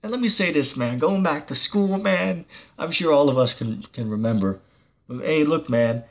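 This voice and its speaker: A man's voice: on the high side, expressive, moderate pace. A man preaching on a church channel in a heated, combative monologue, cursing and mocking the person he argues against.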